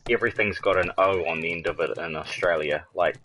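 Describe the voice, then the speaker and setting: A low-voiced man with a New Zealand accent, talking casually with friends over a game party chat. His tone is deep yet bright and forceful, relaxed and easygoing, with a bit of a hum underneath. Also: brisk, poor audio. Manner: laid-back, chuckling, swears casually. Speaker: gamer chatting in an online party.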